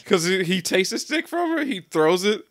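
A man's voice: high voice, very animated, normal speed, fairly bright tone. A man co-hosting a casual podcast chat, retelling a story in a laid-back, plain-spoken way with casual swearing. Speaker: podcast co-host. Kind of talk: casual chat recapping a manga.

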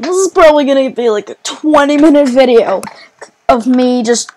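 A woman giving let's play commentary while gaming, excitable, rambling and quick to mock herself. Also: sits high, slight background noise. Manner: excitable, self-mocking, rambling. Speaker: gamer.

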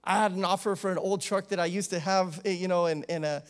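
A man, an associate pastor, preaching a sermon in a conversational, animated way, with frequent asides and calls of amen. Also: high voice, quick pace. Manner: animated, acts out the disciples' pleading.

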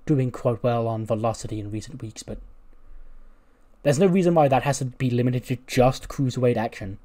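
A man's voice: medium pitch, normal speed, warm tone, close to an everyday voice. A man voicing a formal, condescending male wrestler who speaks with stiff politeness. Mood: smug.

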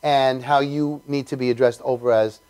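A man's voice: mid-range voice, fairly even intonation, moderate pace, darkish tone, clear, resonant tone. A male talk show host asks his guest questions in a casual interview. He comes across as affable and agreeable.

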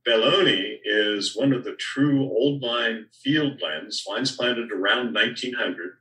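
An older man, a winemaker guest, talking in a relaxed storytelling way about vineyards and his wines. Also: medium pitch, unhurried, roomy sound, recorded from a distance, low-quality recording.

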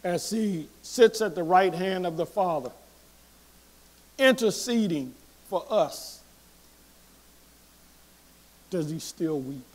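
A man preaching a sermon as pastor, reading scripture aloud and swinging between quiet reflection and loud emphasis. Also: sits high, animated, slow pace, long pauses.

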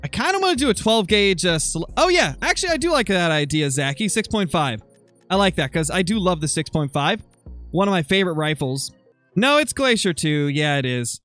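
Young man, game streamer, high bright voice, excitable, faint music behind. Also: brisk. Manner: excitable, swings from calm to shouting frustration. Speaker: gaming streamer. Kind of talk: excited live-stream commentary.

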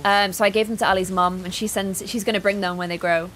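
A woman's voice: medium pitch, steady tone, fast talker, fairly bright tone. A woman streaming a game live, chatting casually, reading in-game notes aloud and greeting viewers in chat. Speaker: gaming streamer.

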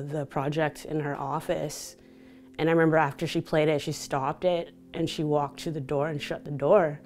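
Low-voiced woman telling her story. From Canada (Vancouver). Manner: open, reflective storytelling with frequent laughter. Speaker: interviewee, DJ and motivational speaker. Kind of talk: candid personal interview.

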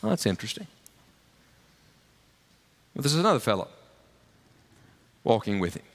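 A man's voice: mid-range voice, very animated, normal speed, gravelly, long pauses. A male pastor preaching a sermon, storytelling and pleading with his congregation. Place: church sanctuary. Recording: reverberant church hall.

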